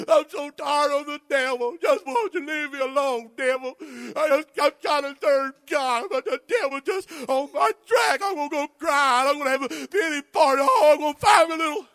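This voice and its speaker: A man's voice: very high voice, normal speed, creaky, fairly bright tone, no room sound, studio quality, heavily acted. A man preacher voicing a self-pitying churchgoer who whimpers and feels sorry for himself. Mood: whiny.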